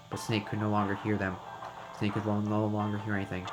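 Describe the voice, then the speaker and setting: A man with a lowish voice narrates a visual novel, reading it dramatically. He trips over a word now and then, and faint music plays under him. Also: monotone, quick pace. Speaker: game reader and narrator.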